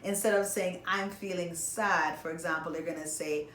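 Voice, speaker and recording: Woman music teacher explaining rhyme to students, lowish voice, roomy echo, faint hiss behind. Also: fairly even intonation, moderate pace, a bit bright. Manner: explains patiently, addresses students directly. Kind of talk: recorded songwriting lesson. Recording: echoey room, faint background noise.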